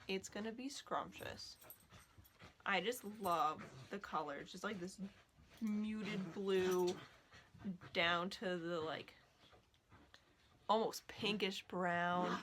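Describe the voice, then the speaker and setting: A woman's bright, forceful voice carries this casual home vlog, picked up by a laptop. She gushes in a chatty way and turns aside now and then to scold her dogs. A faint noise hangs behind her. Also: mid-range voice. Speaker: knitting vlogger. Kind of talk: casual chat.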